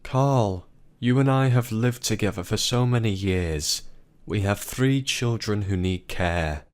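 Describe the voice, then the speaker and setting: A man voicing a distraught grown woman who confronts her husband, pleading and then shouting, in a story narration. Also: unhurried, smooth, natural voice. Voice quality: low voice pushed higher for a woman.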